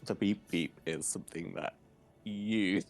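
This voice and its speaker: A man playing a tabletop horror game with friends, jokey and drawn-out, often speaking in character. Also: low voice, creaky, soft background music. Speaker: player.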